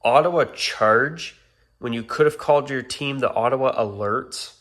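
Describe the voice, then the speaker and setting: A man's voice: mid-range voice, normal speed, fairly bright tone. A man talking casually to his channel's viewers, ranting in exasperation and apologizing now and then. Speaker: YouTuber. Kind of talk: casual vlog rant.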